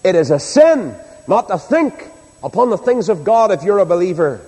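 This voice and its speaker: A man preaching a sermon to a large congregation, swinging between loud exhortation and hushed appeal. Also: sits high, big pitch swings, moderate pace, husky. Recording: long hall reverb.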